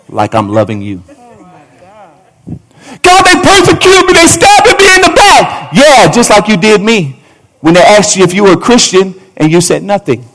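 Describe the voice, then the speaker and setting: A male pastor preaching a fervent sermon in a church, repeating phrases and talking straight to the congregation. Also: sits high. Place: church sanctuary.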